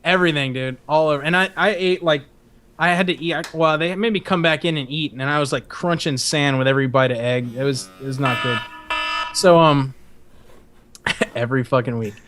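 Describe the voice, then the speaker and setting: A man's voice: fairly high pitch, moderate pace, a bit bright, slight background noise. A man hosting a podcast, telling rambling, profane stories in a casual chat and laughing as he goes. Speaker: podcast host.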